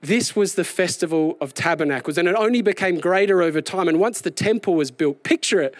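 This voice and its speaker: High-voiced animated male preacher. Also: a little fast, few pauses, no echo. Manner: animated, building to raised excited delivery. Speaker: pastor. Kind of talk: sermon. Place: outdoors.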